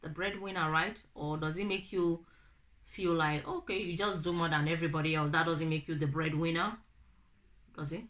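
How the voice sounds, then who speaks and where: A young Nigerian woman with a Nigerian accent, telling a family story to her viewers, animated and acting out the people she quotes. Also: sits low, moderate pace. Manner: animated, acts out quoted family members in raised voices. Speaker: vlogger. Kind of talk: casual storytelling to camera.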